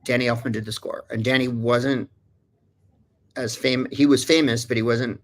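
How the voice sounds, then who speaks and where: Speaking at a moderate pace in a mid-range voice with little pitch movement, a man guests on a livestream talk show. His storytelling is casual and rambling, drifting into digressions with many restarts and fillers.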